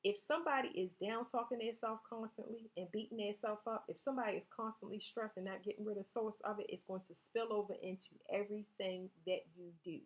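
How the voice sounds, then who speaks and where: A woman talks through a tarot spread in a loose, conversational way, addressing her viewers directly. She reads passages from her cards aloud and often stops to restart a phrase. Her voice sits at an ordinary middle pitch. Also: fairly even intonation, fast, hardly any pauses. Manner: reads card text aloud. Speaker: tarot reader. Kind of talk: casual tarot reading.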